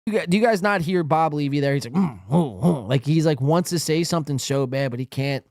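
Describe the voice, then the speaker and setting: Crude, rambling podcast host, dry mic. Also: male voice, on the high side, quick pace, darkish tone, no room sound. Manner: crude, rambling, swears freely. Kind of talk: casual commentary over clips.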